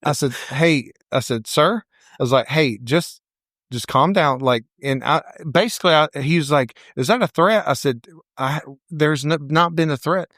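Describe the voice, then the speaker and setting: A middle-aged man, a salon owner and podcast co-host, telling a story in casual chat, animated and acting out quoted voices. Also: fairly high pitch, moderate pace, no room sound, studio quality.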